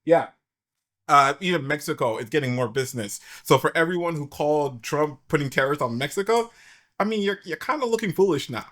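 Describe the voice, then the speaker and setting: A man's voice: a little high, animated, fairly quick, a bit bright. A man hosting a casual opinion chat, rambling with many fillers and restarts. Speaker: podcast host.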